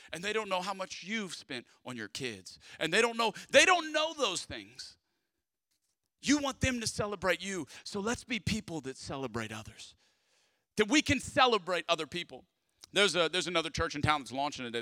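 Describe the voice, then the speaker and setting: A young man preaching a sermon in a lively, conversational way, swinging from loud bursts to quiet asides. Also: a little high, no echo, clean studio sound. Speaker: pastor.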